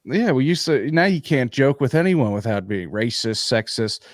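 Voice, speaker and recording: A man's voice: mid-range voice, animated, normal speed, dry recording, studio quality, lightly acted. A man putting on a grumbling old customer. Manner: folksy, complaining.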